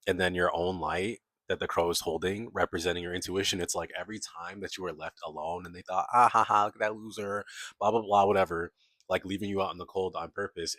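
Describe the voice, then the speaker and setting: A man's voice: deep voice, a bit bright, dry recording. A man giving a casual, chatty tarot reading, laughing often and acting out the voices of the people he describes. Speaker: tarot reader.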